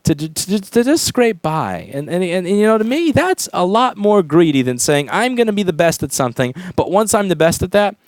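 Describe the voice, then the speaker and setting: A man's voice: high voice, big pitch swings, a little fast, few pauses, no echo. A man who runs a repair shop, giving an emphatic, profane vlog rant. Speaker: repair shop owner and YouTuber. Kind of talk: ranting vlog monologue.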